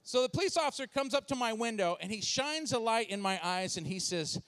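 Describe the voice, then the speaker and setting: A man's voice: sits high, fairly quick. A man in his forties from Washington State, giving a comedic church talk and acting out voices in his stories. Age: 40s. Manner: animated storytelling with acted-out voices. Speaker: speaker and comedian.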